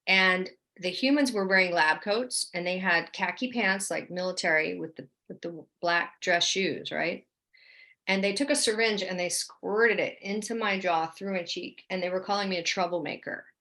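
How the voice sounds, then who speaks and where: A woman from New Orleans, a guest in an interview, telling her story in a lively, vivid way with lots of "like" and "right?". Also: on the low side, moderate pace. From New Orleans, USA. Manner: animated, vivid storyteller, often says "like" and "right?".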